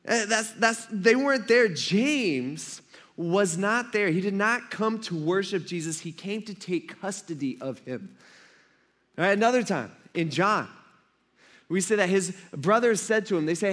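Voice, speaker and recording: Animated casual man preaching. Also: high-pitched, moderate pace. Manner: casual, animated, acts out quotes with asides. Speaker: pastor. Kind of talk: conversational sermon.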